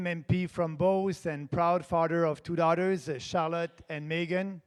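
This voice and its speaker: A man with a Québécois French accent gives an earnest debate opening, repeating his key phrases for emphasis. His voice sits fairly high, and a long reverb trails it around a large theatre. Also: clean tone. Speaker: political candidate.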